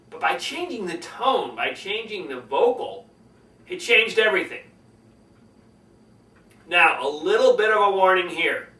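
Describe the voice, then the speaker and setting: A man teaching public speaking with a high, bright voice. His pitch swings widely as he acts out tones to show what he means. He sounds a little away from the mic, in an echoey room. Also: recorded from a distance. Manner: animated, demonstrates tones by acting them out. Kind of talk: speaking-skills lesson.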